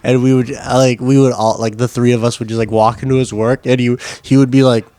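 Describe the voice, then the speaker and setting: A man's voice: medium pitch, a little fast, dry recording. A young man co-hosting a podcast, telling crude stories in casual chat. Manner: animated crude storytelling. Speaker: podcast co-host.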